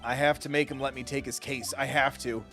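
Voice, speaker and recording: An eager young female sidekick in a video game, done by a man in falsetto. The voice is pitched far up and sounds keen. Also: little pitch movement, fairly quick, pushed and bright, soft background music, close to an everyday voice.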